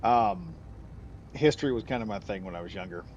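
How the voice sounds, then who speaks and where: A man's voice: fairly low pitch, fairly quick, darkish tone, highs cut off, a little hiss or hum. A man from the United States giving rambling, chatty commentary while streaming a game, laughing easily. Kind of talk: casual gameplay commentary.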